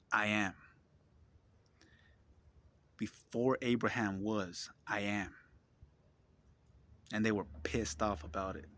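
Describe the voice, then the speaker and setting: A man talking straight to his audience, blunt, profane and preachy, repeating himself and asking the listener if they agree. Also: lowish voice. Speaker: vlogger. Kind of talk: impassioned religious monologue.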